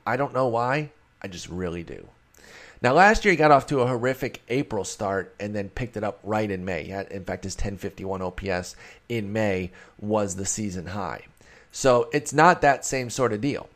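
A man's voice: on the low side, lively intonation, moderate pace, a bit bright. A man hosting a solo fantasy baseball show, talking casually and rambling in a self-deprecating way. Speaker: fantasy baseball podcast host.

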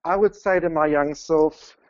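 A man's voice: on the high side, steady tone, measured pace, darkish tone, highs cut off, slight background noise. A middle-aged man, a business mentor and podcast guest, who speaks earnestly, laughs often and gets openly emotional. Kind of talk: conversational interview.

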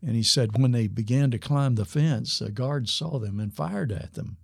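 An older man telling a story in an unhurried way, with a gravelly, husky low voice and a dry sound close to the mic. He acts out the quoted lines of the people he describes. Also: dry recording. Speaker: guest, former missionary pastor. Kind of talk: storytelling in a podcast interview.

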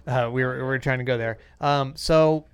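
Middle-aged male podcast host, smooth clear voice, dry close sound, chatty storyteller. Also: mid-range voice, steady tone, moderate pace, dry recording. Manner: chatty, storytelling with quoted asides. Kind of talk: casual chat.

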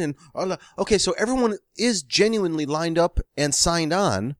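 A man's voice: on the high side, lively intonation, fairly quick, hardly any pauses, no echo, studio quality. A man telling a long anecdote about his screenwriting work in a casual chat, laughing often and acting out quoted phone calls. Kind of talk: casual podcast storytelling.

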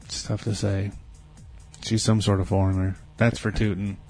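A man's voice: on the low side, level tone, moderate pace, darkish tone, soft background music. A man in crude, casual banter, telling rambling, profane stories as a podcast co-host.

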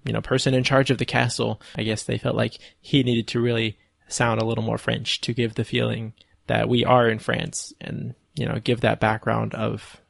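A man talks things over on a podcast, slowly working out his ideas with fillers and pauses. His voice has a gravelly, creaky texture. The recording is dry and close. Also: medium pitch, flat delivery, no echo. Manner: thoughtful, hesitant, with fillers. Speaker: podcast co-host. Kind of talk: casual film discussion chat.

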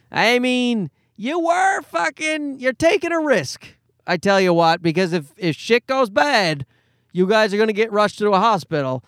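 A man's voice: high-pitched, fairly bright tone, no echo, studio quality. A young man from Canada hosting a podcast, telling a rambling, profane story in casual monologue. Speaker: podcast host.

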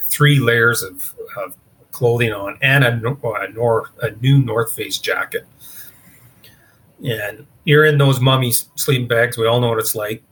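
Man, interview guest, casual rambling storyteller, bright forceful voice. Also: mid-range voice. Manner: casual, rambling, with many fillers. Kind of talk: storytelling in conversation.

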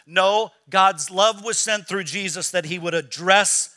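A man's voice: high voice, moderate pace, few pauses. A man preaching a sermon as pastor, asking the congregation to repeat words back and acting out quoted voices. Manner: preaching with call-and-response questions to the congregation; acts out quoted voices in a lively, mocking tone.

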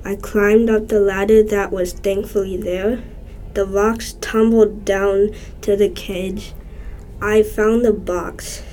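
A woman reading a short story aloud in a slow, even way. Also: mid-range voice, slight background noise, low-quality recording. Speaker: story reader.

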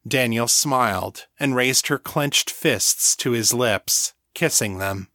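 A man narrates a fantasy serial in a steady, even reading voice. His pitch sits in the middle range. The recording is close and dry, with no room sound. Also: slow, hardly any pauses, no room sound. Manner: steady, even storytelling read. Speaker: audiobook narrator. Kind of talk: scripted narration.

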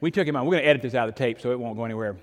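A man's voice: mid-range voice, racing, big-room sound. An older man, preaching a sermon in a conversational storytelling way, with sudden emphatic rises. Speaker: pastor.

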